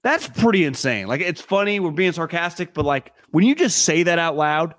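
A man co-hosting a casual sports podcast, talking in an animated, rambling way with casual swearing. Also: on the high side, normal speed, no echo, clean studio sound. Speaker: podcast co-host.

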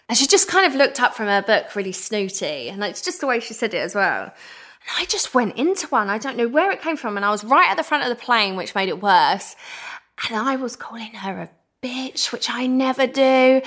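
A woman in her thirties from England, candidly telling a personal story as a podcast guest, animated and acting out what people said. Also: on the high side, moderate pace. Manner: animated, laughs often, acts out quoted speech.

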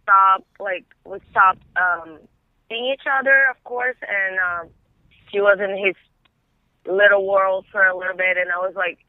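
A man's voice: high voice, steady tone, measured pace, no room sound. A man calling in to tell a long personal story in a casual, rambling way, with "like" in nearly every phrase. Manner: rambling, heavy use of "like". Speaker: caller. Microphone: telephone. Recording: tinny phone line.

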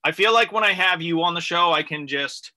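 Bright, upbeat Canadian radio host. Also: male voice, on the high side, brisk. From rural Canada. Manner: upbeat, chatty, joking. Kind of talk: radio talk show chat.

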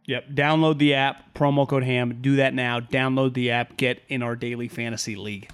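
A man's voice: mid-range voice, steady tone, moderate pace, clear, resonant tone. A man co-hosting a sports podcast, talking football in a rambling, opinionated way and laughing often. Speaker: podcast co-host. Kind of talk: casual sports podcast chat.

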